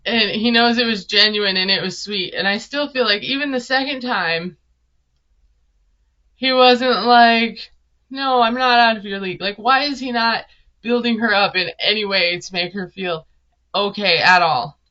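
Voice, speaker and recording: Recapping a reality show, a woman from Minnesota keeps her vlog commentary chatty and sarcastic, with frequent laughter. She speaks in a mid-range voice at a measured pace, pushed and bright, over dull audio.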